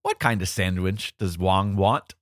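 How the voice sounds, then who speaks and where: A man's voice: deep voice, measured pace, dry recording, clean studio sound. A man hosting a casual podcast quiz, reading out questions and teasing the contestant playfully. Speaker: quiz host.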